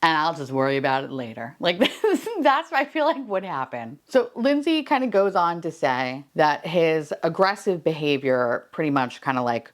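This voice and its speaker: A woman casually recapping a reality show while doing her makeup, profane and quick to laugh, acting out the cast in quoted lines. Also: fairly low pitch. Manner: profane, animated, laughing storyteller.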